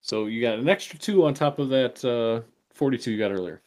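A man running a tabletop game as game master, making quick casual rulings. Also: medium pitch, expressive, a little mellow.

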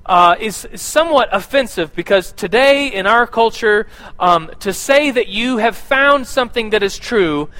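A man's voice: sits high, expressive, measured pace, sharp tone, poor audio. A man giving a casual, conversational sermon and church announcements, with a lot of fillers and restarts.

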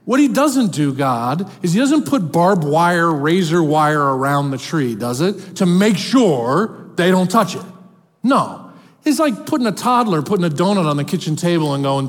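A man preaching with emphatic, animated swings in his voice, sitting a little above the usual male pitch. He shifts between plain sermon talk and reading passages aloud. The sound carries a long reverb from a big hall. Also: measured pace. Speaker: pastor.

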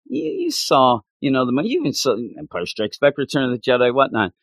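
Brief: lively male co-host, lots of laughter, pitch jumping around, dry mic. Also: fairly quick, dry recording. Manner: animated, laughs often, trails off and restarts. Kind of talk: casual chat.

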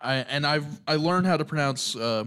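A young man chatting about sports as a student broadcaster, easygoing and quick to laugh. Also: fairly high pitch, a bit bright, clear, resonant tone. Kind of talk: casual sports chat.

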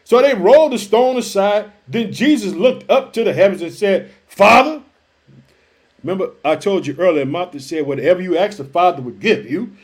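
A man's voice: high voice, animated, fairly quick, few pauses. A man preaching a fervent sermon, reading scripture aloud and calling his listeners family. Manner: fervent, calls listeners family, shouts hallelujah.

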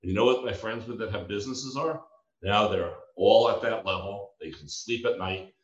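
Deep-voiced man telling stories, roomy lo-fi. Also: normal speed. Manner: animated storyteller acting out quoted voices. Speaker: former floor trader and mentor. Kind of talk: storytelling talk with advice. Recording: distant roomy lo-fi recording.

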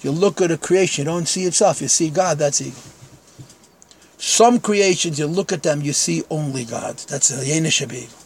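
A man's voice: on the high side, normal speed, breathy edge. A man teaching a text-study lecture in Yeshivish English, conversational, with frank self-deprecating asides.

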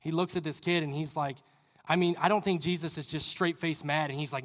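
Earnest young preacher in an echoey hall. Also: male voice, on the high side, fairly even intonation, fairly quick, a bit bright. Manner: earnest, conversational, rambling asides. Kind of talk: sermon. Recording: reverberant hall.

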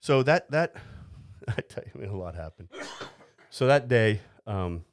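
A man's voice: lowish voice, a little slow. A man chatting casually, telling a story with frequent laughs and bits of acted-out dialogue. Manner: animated storyteller, laughs often, acts out voices. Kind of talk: casual chat.

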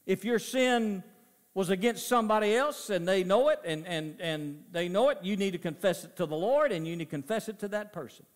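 A middle-aged male pastor preaching a sermon, swinging from loud emphasis to soft, low asides. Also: a little fast. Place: church sanctuary. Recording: long church reverb.

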